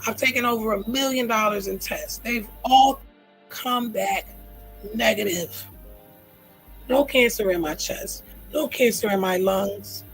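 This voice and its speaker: A middle-aged woman speaks straight to her livestream audience, heartfelt and earnest, leaning on repetition to drive points home. Her voice has a gravelly, fry-laden texture at a middling pitch. Faint music plays quietly behind her. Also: measured pace, rough recording. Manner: earnest, heartfelt, repeats phrases for emphasis. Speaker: livestream host. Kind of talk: emotional personal livestream talk.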